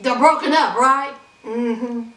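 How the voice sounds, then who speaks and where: A woman's voice: a little high, slow pace, fairly bright tone, reverberant, recorded from a distance. A woman hosting a casual recap show, gossiping about reality TV in a sassy, dramatic way. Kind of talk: casual commentary.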